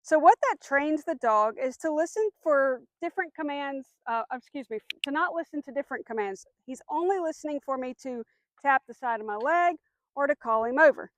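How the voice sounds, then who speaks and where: A woman dog trainer giving a clear, patient lesson outdoors, with firm short commands. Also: sits high, animated, moderate pace, slight background noise. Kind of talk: instructional demonstration.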